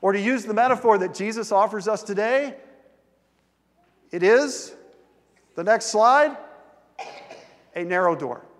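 A man delivers a sermon from the pulpit, talking easily and animatedly with his congregation. His voice sits high for a man. A long reverb trails his words through the large church sanctuary. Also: a little slow, pauses often. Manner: conversational, animated preacher who involves the congregation. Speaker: pastor.

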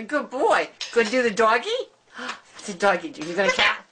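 A woman's voice: mid-range voice, expressive, normal speed. A woman at home coaxing her pet in sing-song baby talk, with frequent gasps and laughs. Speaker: pet owner talking to her bird. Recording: noisy home camera recording.

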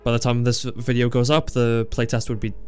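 A young man giving casual, joking commentary while playing a horror game, with jumpy, excitable reactions and frequent swearing. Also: mid-range voice, brisk. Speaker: gaming video creator. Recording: faint game music behind.

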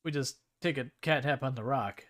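A man's voice: medium pitch, moderate pace. A man streaming a game, chatting casually and wryly while he plays and thinks aloud. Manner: relaxed, wry, thinks aloud while playing. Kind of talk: casual gameplay chat.

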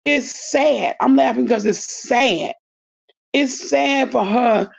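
A woman's voice: a little high, slow pace, gravelly. A woman in her fifties giving blunt, indignant casual commentary to her viewers. She swears freely. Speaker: commentary vlogger. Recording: dull lo-fi audio.

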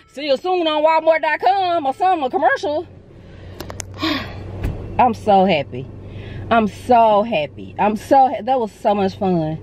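A woman, chatting excitedly and emotionally in a casual vlog, filmed on a phone held in her hand. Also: high-pitched, slow, pauses often, a little hiss or hum. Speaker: vlogger. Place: store, then parked car.

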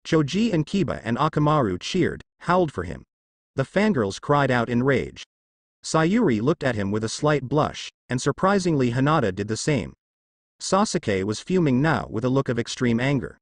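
A man's voice: medium pitch, big pitch swings, moderate pace, no room sound. Man narrating a fan fiction story.

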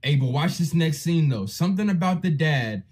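A young man riffing on cartoons with loud, profane, mocking comedy and plenty of slang. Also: a little high, expressive, a little fast. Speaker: YouTube commentator.

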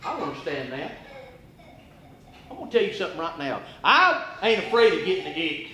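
Fiery high-voiced preacher, echoing church. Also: male voice, sing-song, brisk, long pauses, muffled recording, a little hiss or hum. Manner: impassioned, rhetorical questions, swings from hushed to near-shouting. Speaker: evangelist preacher. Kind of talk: sermon. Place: church auditorium. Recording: echoey church room with faint ambience.

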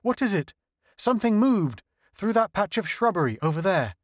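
A man playing a jumpy young spaceman in an audiobook, his lines pitched higher than the narration and thrown out in urgent bursts. The delivery is dry and close. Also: sing-song, normal speed, no room sound. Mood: alarmed. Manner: raised, urgent exclamations.

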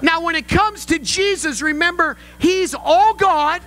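An older man preaches in a church, his voice sitting notably high for a man. His tone is bright and forceful, and he tells stories with humor and builds to emphatic points. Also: unhurried, rough recording. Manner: storytelling with rising emphasis and humor. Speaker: pastor. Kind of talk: sermon. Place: church sanctuary.

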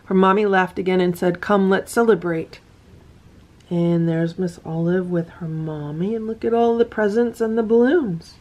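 Gentle woman reading a storybook aloud. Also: fairly low pitch, moderate pace. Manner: gentle, sing-song, pointing things out with excitement. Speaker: storyteller reading a picture book to her cats. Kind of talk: storybook read-aloud with asides.

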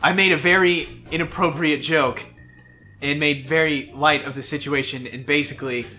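A man's voice: on the high side, steady tone, moderate pace, pushed and bright, faint music behind. A young man co-hosting a gaming channel, chatting casually and teasing his partner, often mocking him in put-on voices. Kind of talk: casual banter while playing a game.

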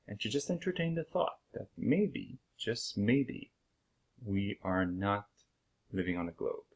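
Low, gravelly man with a French accent. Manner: hesitant, many fillers, uneven pace. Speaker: channel host. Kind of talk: casual explanatory monologue.

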